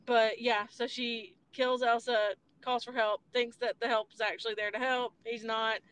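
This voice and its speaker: A woman's voice: fairly high pitch, little pitch movement, moderate pace, fairly bright tone, clean tone. A young woman hosting a podcast, casually retelling film scenes in a rambling way, with filler words and the odd swear. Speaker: podcast host. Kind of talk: casual movie chat. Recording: faint background noise.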